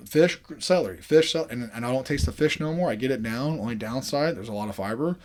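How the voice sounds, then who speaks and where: A man's voice: medium pitch, fast, a little mellow, slight background noise. A man from the American South with a Southern accent, hosting a casual podcast chat in a rambling, laid-back way. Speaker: podcast host.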